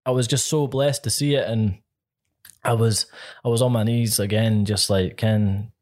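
A man's voice: lowish voice, steady tone, moderate pace, a little mellow. A man with a Scottish accent, co-hosting a podcast and telling a story in an earnest, casual way, often laughing between phrases. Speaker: podcast co-host.

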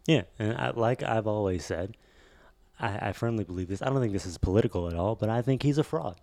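A man co-hosting a casual podcast chat in a low, gravelly, dark-toned voice. He rambles and restarts his sentences often, and the sound is dry and close. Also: a little fast, no echo. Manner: rambling, hesitant, many restarts. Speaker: podcast co-host.

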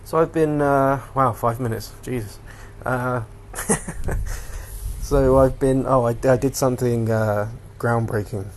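A man's voice: medium pitch, steady tone, slow, a little hiss or hum. A young man hosting a casual solo podcast, rambling loosely between topics and swearing freely. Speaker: podcast host.

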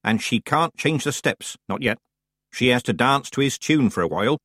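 A man's voice: mid-range voice, lively intonation, moderate pace, a bit bright, no room sound, voice pushed up. A man doing a stern old witch. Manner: dry, firm, clipped. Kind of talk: audiobook character voice.

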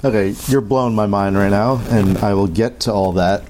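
A man's voice: fairly low pitch, moderate pace, a little mellow, a little hiss or hum, rough recording. Laid-back man chatting with a giggle. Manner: laughs often, stammers on restarts. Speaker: podcast co-host. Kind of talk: casual book-club chat.

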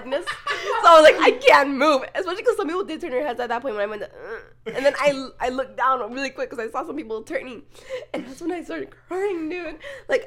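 A woman's voice: high voice, a bit bright. A young woman co-hosting a podcast, telling school stories in casual chat, swearing often and filling with "like". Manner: swearing, storytelling with lots of "like". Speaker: podcast co-host.

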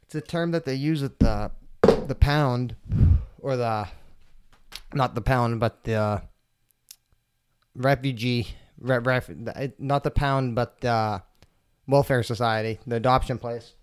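A man's voice: medium pitch, slow pace, pauses often, clear, resonant tone, no room sound. Man, podcast host, stoned, rambling, swears a lot, laid-back, dry close sound, table mic at home. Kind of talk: casual solo podcast chat. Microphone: table mics.

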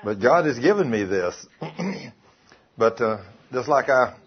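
A man's voice: mid-range voice, animated, slow pace, slightly rough, dull audio. A male preacher, delivering a sermon by retelling conversations line by line. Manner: retells dialogue, quoting both sides. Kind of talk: sermon with told stories.

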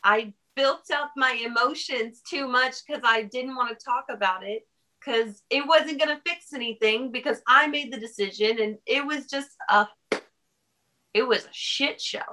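A woman's voice: fairly high pitch, moderate pace, pushed and bright. A young woman co-hosting a casual podcast chat, telling a personal story in a rambling way and laughing often. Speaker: podcast co-host.

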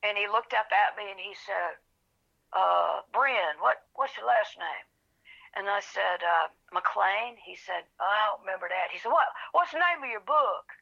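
A woman author, telling her story in an interview with lively acted-out quotes. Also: mid-range voice, unhurried, creaky, breathy edge. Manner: animated storyteller, acts out quotes. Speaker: author guest. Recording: dull lo-fi phone-like audio.

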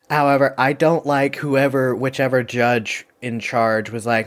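A man's voice: mid-range voice, level tone. A man hosting a movie review game, talking casually and rambling with many fillers. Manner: rambling, lots of fillers and quick asides. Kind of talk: casual chat.

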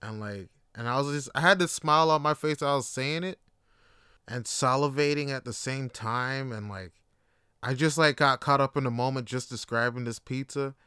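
A man's voice: mid-range voice, normal speed, smooth, no room sound, studio quality. A young man hosting a podcast, telling a funny personal story in a casual, profane, slang-heavy way. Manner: animated, profane, slangy, lots of fillers. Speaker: podcast host.

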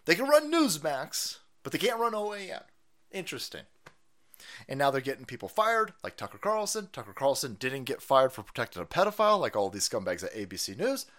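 A man hosting a live stream, pouring out a profane, mocking rant. His voice leaps up and down in pitch and breaks into angry shouted bursts. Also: very animated, fairly quick. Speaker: political streamer.

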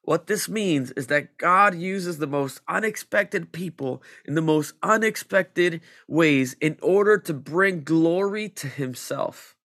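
A male pastor delivering a sermon in a bright, ringing voice. He speaks very slowly and deliberately, leaning hard on each phrase. The sound is close and dry, with no room around it. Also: fairly high pitch, no room sound. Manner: slow, emphatic preaching that builds in intensity.

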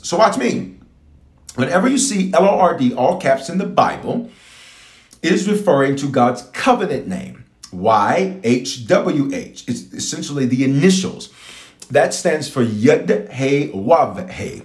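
A man with a fairly high voice preaches as a bishop at a measured pace, his sound reverberant. In this live-streamed sermon and prayer, he teaches and prays animatedly, repeats phrases for emphasis, and speaks to online viewers.

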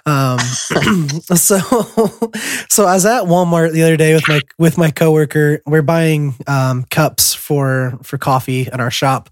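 A young man co-hosting a podcast, rambling through a casual story with lots of ums, throat-clearing and chuckles. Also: on the high side, fairly even intonation, takes it slowly, no room sound. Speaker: podcast co-host.

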